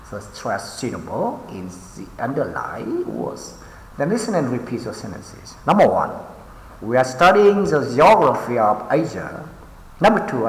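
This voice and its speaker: Slow Vietnamese-accented male English teacher. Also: medium pitch. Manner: slow and deliberate, drawn-out repetitions with frequent fillers. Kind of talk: pronunciation lesson, reading words for repetition. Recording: echoey room with long reverb.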